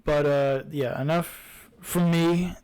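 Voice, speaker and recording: Slow, rambling young man reviewing games. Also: a little high, steady tone, darkish tone, clear, resonant tone, poor audio. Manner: rambling, hesitant, many fillers and restarts. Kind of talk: casual spoken review.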